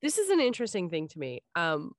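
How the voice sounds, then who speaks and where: A woman's voice: lowish voice, wildly swooping pitch, fast talker, no echo. Chatty woman co-host, dry close sound. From Richmond area, Virginia. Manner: rambling, many fillers and restarts. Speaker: podcast co-host. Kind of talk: casual chat.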